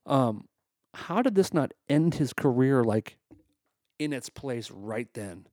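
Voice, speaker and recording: Man, comedy podcast host, casual monologue, exasperated, sarcastic, profane, middle pitch, dry close sound. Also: big pitch swings, slow, a little mellow, no echo. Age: adult, married.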